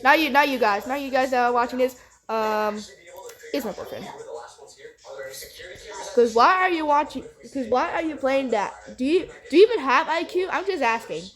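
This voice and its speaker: A teenage girl chatting in a casual vlog and reacting loudly while she plays a game, excitable and teasing. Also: high-pitched. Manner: excitable, teasing, quick to shout. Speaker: vlogger. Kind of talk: casual vlog chat and gaming commentary. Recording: loud music under the voice. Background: loud music.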